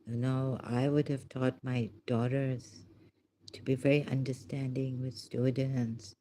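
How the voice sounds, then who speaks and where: A woman speaking haltingly and emotionally in an unscripted reflection, often dropping to a whisper. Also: rumbling low, level tone, warm tone, slight background noise. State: emotional, overwhelmed. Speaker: vlogger.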